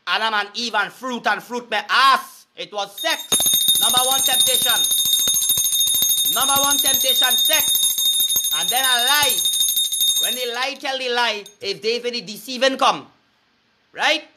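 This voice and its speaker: A man's voice: extremely high pitch, a little slow, pauses often, heavy background noise. A man with a Trinidadian accent giving a crude, preachy rant, breaking into sing-song chants. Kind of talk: profane rant to camera.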